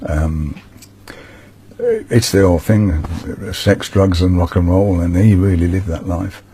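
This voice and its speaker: A man recalling touring memories in an interview, halting with fillers. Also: low-pitched, fairly even intonation, warm tone, a little hiss or hum. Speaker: musician interviewee. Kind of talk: interview recollection.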